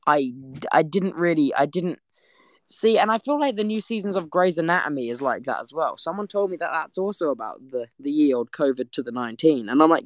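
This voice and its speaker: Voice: mid-range voice, lively intonation, brisk, no echo. A young adult vlogger, telling a story to camera in a giggly, rambling way that trails off mid-sentence.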